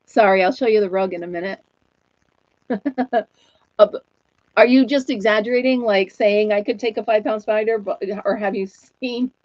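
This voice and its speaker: Woman host, 40s, warm casual chatter with viewers, laughs often; flat dull dry sound. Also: medium pitch, moderate pace, long pauses, dry recording. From New York State. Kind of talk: casual chat.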